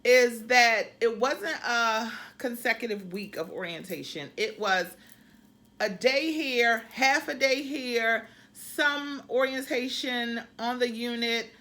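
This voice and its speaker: Bright, chatty woman nurse vlogger. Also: a little high, slow pace. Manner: chatty, addresses viewers as y'all. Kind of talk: casual vlog chat. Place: room used for filming.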